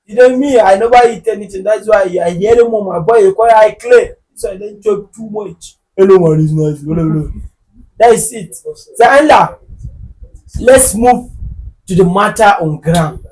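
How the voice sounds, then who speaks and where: Nigerian male podcast host, high voice, jokey, loud bursts. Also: moderate pace, rough recording. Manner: animated, joking, bursts into shouting. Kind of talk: casual chat.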